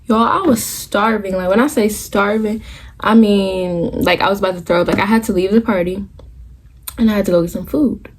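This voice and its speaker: Speaking at normal speed with a medium pitch and fairly even intonation, a twenties-aged vlogger gives a relaxed storytime. She's frank and profane, talking right to viewers, rambling through asides and restarting her story.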